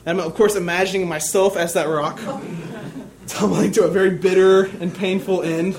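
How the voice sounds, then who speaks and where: A man's voice: high voice, fairly even intonation, moderate pace, darkish tone, a little hiss or hum. A young man preaching a sermon, telling a personal story in a casual, self-deprecating way.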